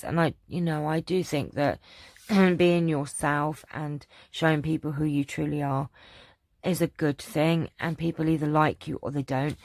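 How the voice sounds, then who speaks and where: A woman's voice: deep voice, dry recording, studio quality. A woman chatting casually on her craft vlog, rambling with lots of ums and restarts as she answers viewer questions. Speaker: craft channel vlogger.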